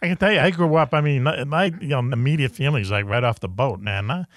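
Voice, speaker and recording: A man hosting a radio talk show in a casual, joking manner, full of fillers and quick laughs. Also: medium pitch, no room sound.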